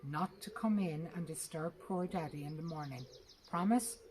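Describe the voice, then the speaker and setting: A woman voicing a hushed, patient mother. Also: sits low, normal speed, a crowd in the background, close to an everyday voice. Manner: soft, hushed shushing. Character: patient hushing mother, tired and gentle. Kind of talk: storybook reading.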